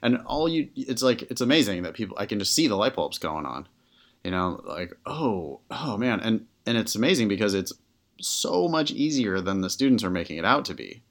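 This fairly low-pitched man talks expressively and fairly quickly. He's a test-prep tutor co-hosting a laid-back podcast chat, candid and animated, his speech packed with fillers.

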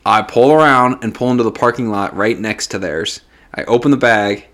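A man's voice: medium pitch, normal speed. Profane man telling a story. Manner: profane, animated storytelling with bursts of laughter. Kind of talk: casual storytelling chat.

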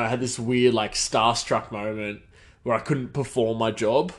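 A man hosting a podcast, telling a casual story in a rambling way full of fillers and restarts. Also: fairly low pitch. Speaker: podcast host.

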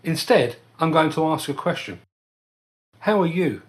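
A man hosting a podcast, telling a personal story in an earnest, measured way as a scripted monologue. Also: fairly high pitch, animated. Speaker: podcast host.

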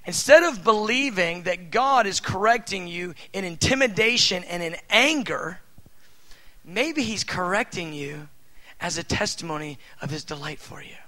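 High, bright-voiced male preacher. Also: lively intonation, moderate pace, rough recording. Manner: swings between loud emphatic bursts and soft asides; conversational, with many fillers. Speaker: pastor. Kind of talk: sermon.

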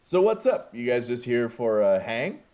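A man's voice: mid-range voice, big pitch swings, moderate pace, darkish tone, close to an everyday voice. A man voicing a boisterous, slightly drunk male god in a raised, hearty voice while reading a film script aloud.

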